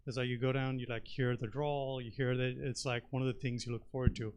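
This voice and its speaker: A man's voice: medium pitch, flat delivery, brisk, a little mellow, slight background noise. A man from India doing a stand-up comedy set on a theater stage, talking in a chatty, rambling way with plenty of fillers.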